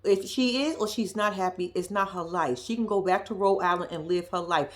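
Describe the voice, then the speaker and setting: A woman's voice: mid-range voice, brisk. A woman with giving a blunt, profane, casual recap of a reality show, with laughing asides.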